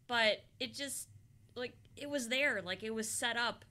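A woman's voice: on the high side, a little slow, pushed and bright. A woman co-hosting a casual comedy podcast, teasing the others and laughing often. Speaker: podcast co-host.

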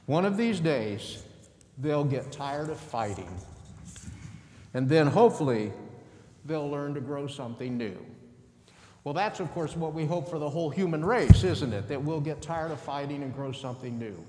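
A male pastor telling a story to children during a service, gently, with asides. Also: on the high side, expressive, normal speed, slight background noise. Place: church sanctuary. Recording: echoey church sanctuary.

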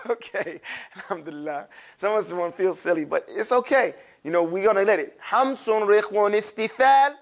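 A man's voice: high voice, animated, normal speed. A man teaching a classroom lesson on pronouncing letters for Quran recitation, animatedly drilling his class to repeat sounds aloud.

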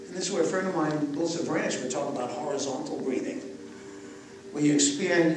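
Man leading a breathing session, joking around with the crowd, high voice, really echoey and far from the mic. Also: a little fast. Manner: playful, jokey asides between calm guided instructions. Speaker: breathwork teacher. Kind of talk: guided breathing talk to a live audience. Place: live festival session. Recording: echoey, distant room recording with noise.

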